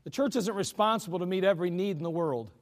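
A man's voice: high voice, quick pace. A male pastor preaching a sermon in a folksy, emphatic way, with chuckling asides, in a church sanctuary. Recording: long hall reverb.

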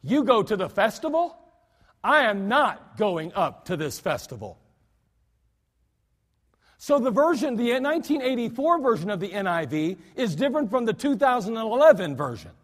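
Brief: male pastor, emphatic sermon delivery with restarts, high-pitched, in a reverberant church. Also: sing-song, moderate pace. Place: church sanctuary.

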